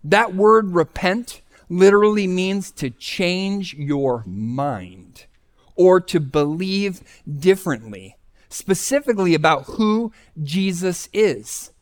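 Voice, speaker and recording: A man with a slightly high speaking voice delivers a sermon as a pastor. He talks in a loose, conversational storytelling way, then turns it into plain teaching. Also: animated, takes it slowly.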